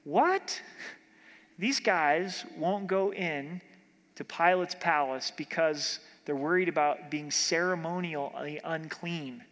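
Man preaching in a church hall, kinda high voice, chatty with everyday examples, long reverb. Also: slow, fairly bright tone. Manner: conversational, acts out dialogue with everyday examples. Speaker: pastor. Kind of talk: expository sermon.

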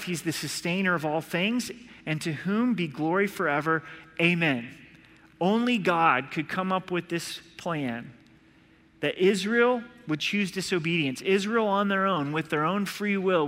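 Male pastor, earnest sermon delivery, bright tone, reverberant hall sound. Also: on the high side. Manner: earnest, acts out voices in illustrations.

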